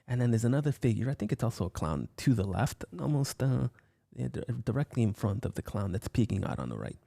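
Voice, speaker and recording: A man reviewing a horror film in a casual, talkative way, retelling the scenes as he goes. His pitch swoops and rises with excitement, and his voice has a gravelly texture. He swears freely. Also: quick pace. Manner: animated, swearing storyteller.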